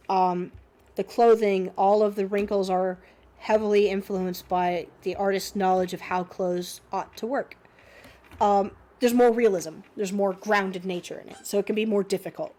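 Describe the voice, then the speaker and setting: This young woman teaches drawing off the cuff, musing aloud and leaning on fillers, her slight cold leaving her sniffly. She speaks at a medium, mellow pitch.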